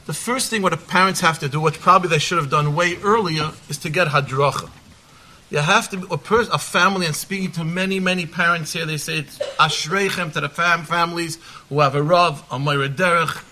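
A man answering a question on a panel as a rabbi, earnest and measured, dropping in Hebrew terms. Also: fairly high pitch, bright, forceful tone.

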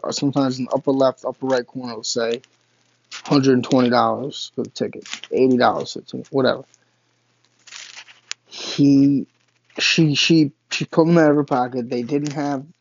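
A man's voice: medium pitch, slight background noise. Guy in his 30s telling a story, cursing a lot, stammery restarts, kinda muffled audio. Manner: profane, rambling, frequent restarts and stammers. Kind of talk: casual personal storytelling.

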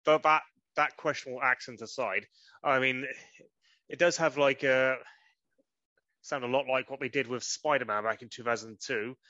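A man's voice: medium pitch, normal speed, long pauses, pushed and bright, no room sound, muffled recording. A man co-hosting a casual chat, easygoing and hesitant, thinking aloud as he goes. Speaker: podcast co-host.

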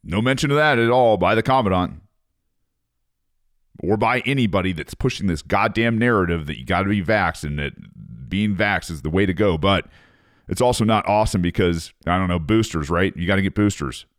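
A deep-voiced former Marine reads an article aloud at a moderate pace and rants over it in a casual, sarcastic, profanity-laced monologue. The recording is dry and clean, like a studio.

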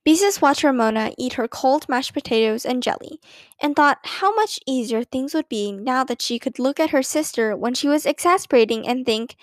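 Woman narrator, children's audiobook, expressive storytelling, high voice, dry close sound. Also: normal speed, no room sound.

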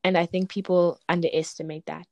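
A woman's voice: lowish voice, brisk, no echo. A young woman, a poet telling her story in a casual interview and acting out the people she quotes. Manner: animated, acts out quoted voices, frequent "like" and laughter.

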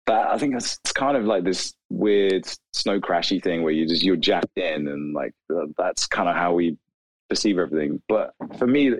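A man, a video creator, talking casually in an interview with many "like" fillers and animated asides. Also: low-pitched, normal speed, no echo, poor audio. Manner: rambling, animated, lots of "like" fillers.

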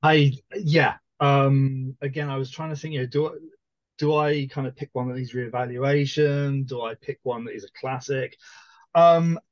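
A man co-hosting a podcast, talking through his book pick with many pauses and restarts. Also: medium pitch, steady tone, dry recording, dull audio. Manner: hesitant, many fillers and restarts. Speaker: podcast co-host. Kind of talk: casual book discussion.

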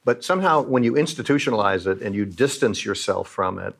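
A man's voice: on the low side, lively intonation, fairly quick, creaky. A middle-aged man who leads a Christian aid charity, speaking earnestly and like a preacher as he tells moving stories in an interview.

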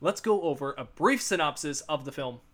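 A man's voice: a little high, lively intonation, moderate pace, a bit bright. A man hosting a casual movie podcast, chatty and full of restarts. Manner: chatty, with frequent restarts and fillers. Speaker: podcast host.

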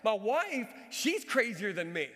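A man preaching a sermon with storytelling, animated, swinging between loud outbursts and hushed, earnest moments. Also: sits high, measured pace, a little hiss or hum. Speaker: pastor and basketball coach. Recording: long hall reverb.

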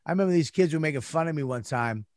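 A man's voice: a little high, lively intonation, very fast, a little mellow, no room sound, studio quality. A man who grew up in Massachusetts, a comedian telling rambling, profane stories in casual conversation. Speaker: comedian guest. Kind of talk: casual storytelling chat.

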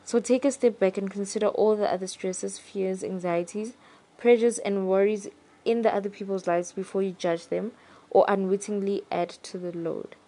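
A young woman talking in a casual, reflective monologue, thoughtful and pausing to search for her words. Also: medium pitch, steady tone, dark tone.

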